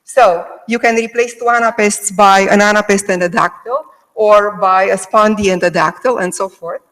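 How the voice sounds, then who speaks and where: Speaking in a mid-range, slightly bright voice with fairly even intonation, a woman lectures at a moderate pace on Greek meter for remote listeners. She works through it step by step, frequently pausing on "okay." The rough recording sounds like a large hall.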